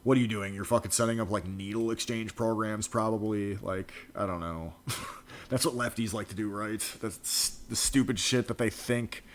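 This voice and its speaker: A man's voice: on the low side, fairly even intonation, normal speed. A man giving a crude, mocking reaction commentary, ranting with profanity and scoffing laughs. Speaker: political commentary vlogger.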